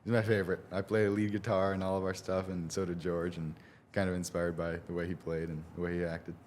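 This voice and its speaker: A man's voice: low-pitched, little pitch movement, fairly quick, a little mellow, slight background noise. A young man, a college athlete, answering interview questions in an easygoing, hesitant way and laughing often. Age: young adult.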